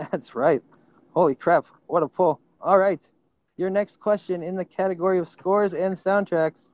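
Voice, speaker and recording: A man with a high, smooth voice runs a movie trivia quiz, reading each question out and shouting his delight at a good answer. He is quick to apologize when he flubs a name, and the sound is close and dry. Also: no room sound. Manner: excitable, apologetic about slips. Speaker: quiz host.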